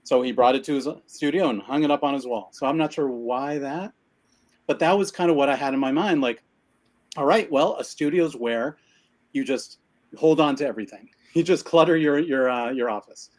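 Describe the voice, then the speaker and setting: This man, co-host of a live creative business show, chats casually on a live stream from his cluttered home office over a video call. His medium-pitched, slightly mellow voice moves at a moderate pace as he rambles, out of breath and self-deprecating.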